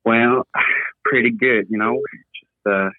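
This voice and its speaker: A man's voice: medium pitch, steady tone, slow pace, no echo. A man calling in to a show, chatty and laughing, heard over a phone line. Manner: laughing, chatty, stumbling restarts. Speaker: caller. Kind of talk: casual phone call. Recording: tinny phone line, dry.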